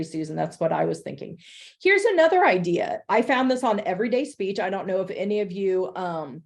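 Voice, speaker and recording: Lady teaching a webinar for teachers, mellow warm voice, chatty and upbeat. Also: medium pitch. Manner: conversational, upbeat, reads chat replies aloud. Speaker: workshop presenter for educators. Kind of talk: webinar presentation.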